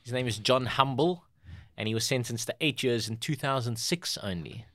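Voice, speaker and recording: A man's voice: medium pitch, moderate pace, fairly bright tone, dry recording, clean studio sound. A South African man co-hosting a comedy trivia show, telling facts in a laid-back way with easy banter. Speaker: co-host.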